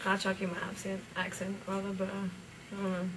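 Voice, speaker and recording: A young British rapper from the United Kingdom chats casually in an interview, her medium-pitched voice fast, monotone, and fairly bright, with lots of fillers and easy laughter. The mic is distant, with faint ambient noise.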